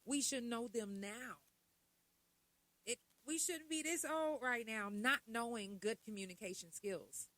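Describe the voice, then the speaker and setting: A woman's voice: fairly high pitch, a little slow, pushed and bright, no echo, rough recording. A middle-aged woman talks straight to her podcast audience in a loose, conversational way. She poses rhetorical questions and adds asides as she goes. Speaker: podcast host. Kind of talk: casual podcast monologue.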